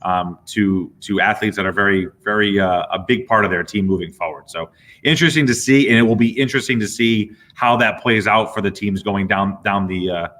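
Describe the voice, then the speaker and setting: A middle-aged man, a physical therapist, casually explaining athletes' injuries with relaxed, playful asides. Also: on the low side, fairly quick. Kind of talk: casual sports injury chat.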